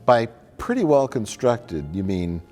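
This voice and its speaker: Give me a joking man in his forties chatting about films, animated delivery. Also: on the low side, a little slow, soft background music. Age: 40s. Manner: joking, laughs often. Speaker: film reviewer. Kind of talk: casual comedy panel chat.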